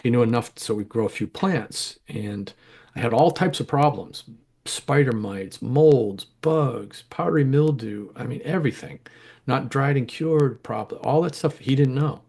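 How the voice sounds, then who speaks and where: A man's voice: medium pitch, moderate pace, darkish tone, breathy edge. A middle-aged man telling rambling, candid stories in an interview, often correcting himself mid-sentence. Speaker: interview guest, home grower. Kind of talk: casual storytelling interview.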